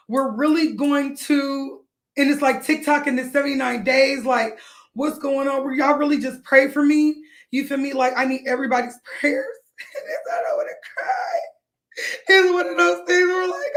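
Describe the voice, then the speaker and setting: Brief: young woman streamer, high voice, crying through a rambling, apologetic plea to her viewers. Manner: rambling, pleading, keeps apologizing. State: tearful, crying. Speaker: livestreamer. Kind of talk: emotional livestream talk to viewers.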